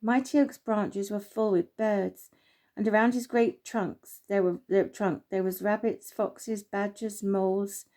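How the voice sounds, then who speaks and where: A woman gently reading her own children's story aloud, unhurried, with small slips. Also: medium pitch, steady tone.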